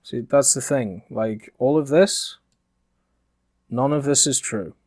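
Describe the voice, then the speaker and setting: Man from Yorkshire, smoothed middle-class British accent, mid-range voice, loose rambling gaming commentary, close dry mic. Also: medium pitch, slow pace, darkish tone, no echo. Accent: softened middle-class British. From Yorkshire, England. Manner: conversational and rambling, frequent uh fillers. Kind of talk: casual spoken commentary.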